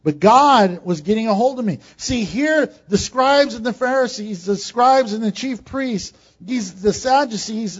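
A man preaching a sermon, swinging from emphatic, rising peaks to quiet, joking asides. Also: very high voice, lively intonation, a little slow, few pauses. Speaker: pastor. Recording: dull lo-fi sound.

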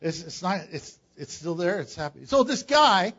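An older man preaching a sermon as pastor, animated and joking, with sudden loud bursts. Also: high-pitched, moderate pace, few pauses, highs cut off. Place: church.

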